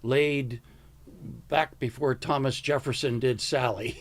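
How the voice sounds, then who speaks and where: In a mid-range voice at normal speed, an American comedian in his seventies tells stories during a casual interview. His delivery is animated, and he slips into impressions of people he's known.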